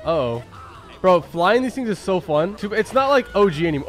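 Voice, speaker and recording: Excitable dude reacting to game clips, high voice that jumps all over, keeps saying bro. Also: male voice, brisk, soft background music. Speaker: reaction video host. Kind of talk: casual reaction commentary.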